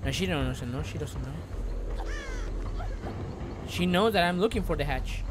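Excitable man with a Spanish-speaking background. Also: a little high, takes it slowly, pauses often, noisy background. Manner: excitable, swings between shouting and muttering; swears often, repeats phrases. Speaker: streamer. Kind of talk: live gameplay commentary.

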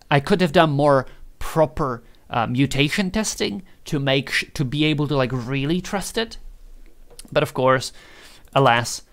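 A man's voice: mid-range voice, creaky, a bit bright. A man talking loosely through a tutorial, thinking aloud, joking and swearing casually. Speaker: programming tutor. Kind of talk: casual screen-recorded tutorial.

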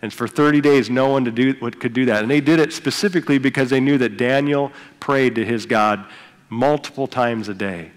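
A man's voice: mid-range voice, a little fast. Man preaching in a reverberant church hall. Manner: conversational preaching, retells Bible stories with asides. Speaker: pastor. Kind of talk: sermon. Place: church sanctuary.

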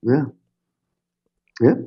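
An older man, a guest on a podcast interview, telling stories in an animated, swearing way and acting out what people said. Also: extremely slow, lo-fi sound. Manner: animated, swearing, acts out quotes. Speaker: guest drummer. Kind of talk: storytelling interview.

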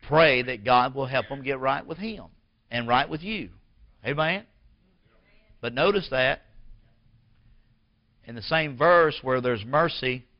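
A male pastor delivering a sermon at an ordinary pitch for a man, his delivery emphatic and building to louder, higher peaks. He asks the congregation questions as he goes. The recording sounds dull and lo-fi.

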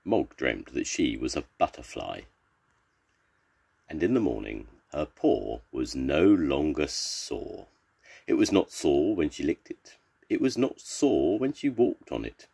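An older man reading a children's storybook aloud in a slow, expressive way. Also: gravelly, breathy edge. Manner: slow and expressive, with lots of pitch swings.

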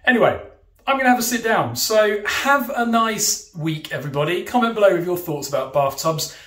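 A British man vlogs casually from his home bathroom, chatting and joking as he explains and shows things. His voice is high-pitched, expressive and fairly quick, with a bright, forceful tone. The echoey tiled room is audible.

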